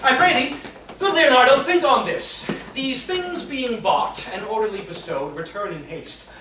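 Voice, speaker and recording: Man as a young gentleman, amateur stage verse, high-pitched, distant and noisy. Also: animated, unhurried. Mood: earnest. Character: young gentleman of means, earnest. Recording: roomy hall, far camera, noise.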